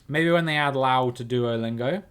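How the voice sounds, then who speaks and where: A man's voice: mid-range voice, normal speed, clear, resonant tone. Chatty man thinking aloud on a stream. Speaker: streamer hosting a chat guessing game. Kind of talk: live game-stream commentary.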